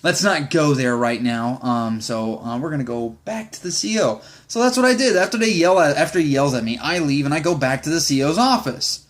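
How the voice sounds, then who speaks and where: A man's voice: on the high side, lively intonation, fairly quick, few pauses. A young man, a Marine sergeant, ranting in a vlog with exasperated, profane, rambling talk.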